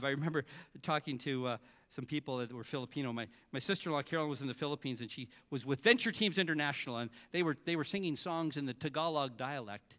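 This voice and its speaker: A male pastor preaching a sermon, telling stories and swinging between soft and loud delivery, sometimes breaking into song. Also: medium pitch, lively intonation, fast talker. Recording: long hall reverb.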